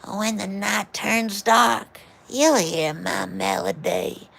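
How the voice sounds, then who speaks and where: A man putting on the voice of a slow-singing male harmonica player, in a drawn-out sing-song croon. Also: high-pitched, expressive, pushed and bright, voice pushed up, heavily acted.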